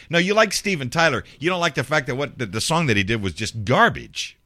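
Blunt, animated radio host. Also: male voice, medium pitch, fast, dry recording. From Memphis, Tennessee. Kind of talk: casual rant.

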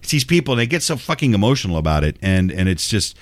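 A man's voice: fairly low pitch, very animated, fast talker, no room sound. Exasperated profane man ranting. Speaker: show host. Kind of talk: ranting monologue.

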